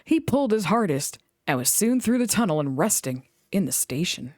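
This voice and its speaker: A woman reading a children's book aloud in an expressive storytelling voice. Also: fairly low pitch, normal speed, no room sound, clean studio sound. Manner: expressive, animated read-aloud.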